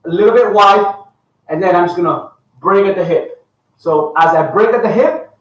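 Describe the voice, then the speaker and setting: A fitness coach leading a live workout, counting reps aloud and giving upbeat cues. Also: male voice, high voice. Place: home workout space with a dog. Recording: echoey room, far from the mic.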